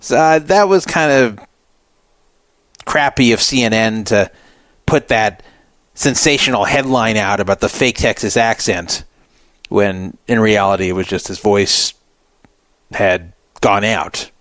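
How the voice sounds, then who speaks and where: A man's voice: fairly low pitch, unhurried, pauses often, a bit bright, dry recording. A man hosting a radio show, giving rambling, conversational commentary on the news. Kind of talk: casual commentary.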